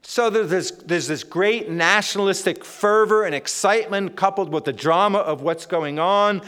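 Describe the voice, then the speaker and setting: High-voiced preacher in a reverberant hall. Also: male voice, normal speed, a bit bright, clean tone. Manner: emphatic, repeats phrases, frequent restarts. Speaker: pastor. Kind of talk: sermon.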